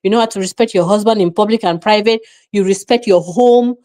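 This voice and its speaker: With a medium pitch and a slightly fast delivery, this show host lectures with force in a Nigerian accent. Her opinionated commentary mixes in Pidgin, and she dramatizes small scenes by voicing the characters.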